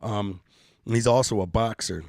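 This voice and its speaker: A man's voice: on the low side, normal speed, darkish tone, no echo, studio quality. A middle-aged man hosting a casual live-stream podcast, joking around in loose, profane banter. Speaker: podcast host.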